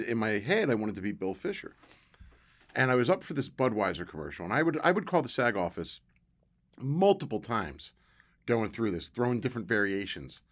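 Animated middle-aged man telling a story. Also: fairly low pitch. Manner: animated storyteller acting out quoted voices. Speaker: podcast guest. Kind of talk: casual storytelling.

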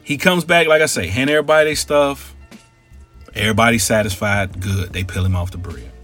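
A man telling a comic story in an animated way, acting out each character in it. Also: lowish voice, a little fast, soft background music. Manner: animated, acts out every character in his story.

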